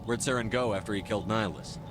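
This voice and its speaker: A man playing a low, quick, blunt military commander. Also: lightly acted. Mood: firm. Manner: terse, firm questioning. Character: commanding male military officer, blunt interrogator. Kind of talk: video game voice acting. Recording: game audio with music behind.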